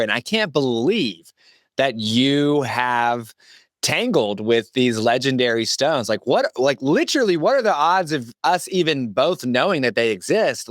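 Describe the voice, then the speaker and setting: A man's voice: mid-range voice, fairly bright tone, no echo, studio quality. A man in his late thirties, a podcast guest talking with enthusiastic, slangy emphasis. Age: 30s. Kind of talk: casual interview chat.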